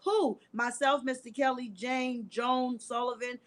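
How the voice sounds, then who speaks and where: A woman's voice: fairly high pitch, fairly even intonation, measured pace. A woman reading court testimony aloud on camera and commenting on it to her viewers in a casual, chatty way. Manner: breaks into laughter while reading, talks to viewers as y'all; prays aloud for composure. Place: at home, alone on camera.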